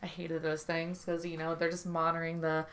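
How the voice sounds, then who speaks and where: A woman's voice: deep voice, monotone, brisk, fairly bright tone, smooth. A young woman casually telling a storytime tale, chatty and rambling, laughing easily. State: stuffy from a head cold then. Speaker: co-host telling a birth story.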